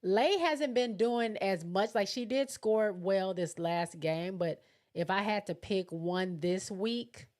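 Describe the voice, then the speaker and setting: A woman's voice: mid-range voice, slow pace, a little mellow. A woman hosting a casual livestream, chatting loosely and thinking aloud as she reads viewer comments. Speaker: livestream host. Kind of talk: casual chat reading live comments.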